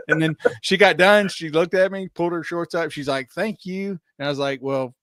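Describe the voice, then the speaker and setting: A man's voice: fairly high pitch, fairly quick, fairly bright tone, no echo, clean studio sound. A man co-hosting a casual podcast livestream, an easygoing rideshare driver who tells stories and laughs often.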